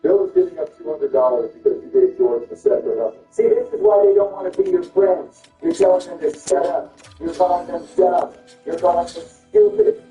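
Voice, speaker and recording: A man's voice: sits high, wildly swooping pitch, moderate pace, warm tone, reverberant, distant mic, highs cut off, soft background music. A man voicing squabbling grown men who trade indignant insults over a board game. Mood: bickering.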